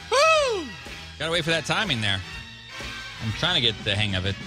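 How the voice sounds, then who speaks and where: Laid-back, lively man hosting. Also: medium pitch, fast talker, over music. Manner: laid-back, jokey, says dude and man. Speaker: host. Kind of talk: casual radio talk show.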